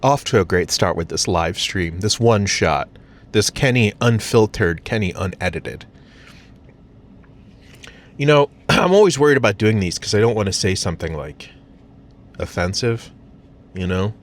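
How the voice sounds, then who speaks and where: A man's voice: fairly low pitch, expressive, measured pace, long pauses. An American man vlogging from his parked car, rambling casually with lots of fillers and self-mocking asides. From United States.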